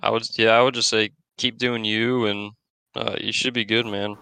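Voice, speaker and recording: A man's voice: on the low side, flat delivery, normal speed, gravelly, bright, forceful tone, smooth, rough recording. A young man in his twenties on a podcast, giving brief easygoing encouragement. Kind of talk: casual chat.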